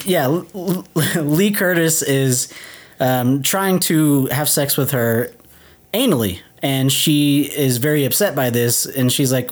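A man co-hosting a casual film podcast retells a scene, joking, laughing often, and rambling loosely with plenty of fillers. His voice is mid-range and his pace is slow.

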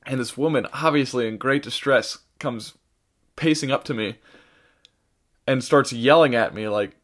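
A man's voice: medium pitch, moderate pace, long pauses, fairly bright tone. A man on a podcast telling a long travel story in casual chat, rambling with many fillers and restarts, sounding tired. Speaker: podcast co-host.

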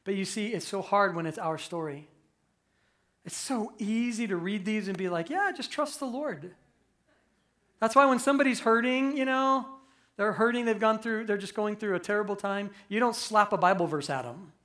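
A man preaching a conversational, animated sermon as pastor, acting out quick voices for humor. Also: sits high.

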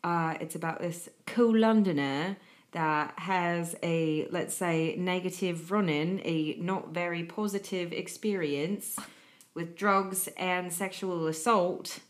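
A woman's voice: lowish voice, steady tone, slow pace. Joking woman podcast co-host. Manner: joking, teasing. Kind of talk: casual chat.

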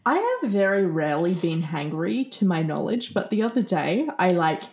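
A woman's voice: on the low side, sing-song, normal speed, darkish tone. A woman in casual conversation who laughs easily as she adds her own stories. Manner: chatty, laughs through her remarks. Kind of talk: casual chat.

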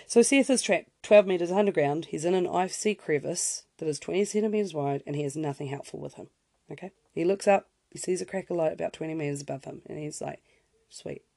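A young woman spinning a story in a loose, chatty way, full of fillers and little asides that pull her off track. Her voice has a gravelly fry and a mellow, warm color. It is recorded close and dry, with no room around it. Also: low-pitched, fast, no room sound. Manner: chatty, lots of fillers, self-interrupting asides. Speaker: podcast host. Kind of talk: casual storytelling.

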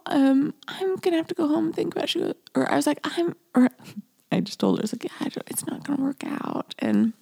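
A woman hosting a casual solo podcast, rambling and confessional with lots of "like", often sinking to a breathy near-whisper. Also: sits high, warm tone, dry recording. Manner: rambling and confessional, heavy use of "like". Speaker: podcast host.

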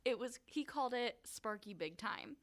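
Lively, giggly woman co-host. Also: a little high, normal speed. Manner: giggly, swearing, chiming in. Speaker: podcast co-host. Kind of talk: casual true-crime chat.

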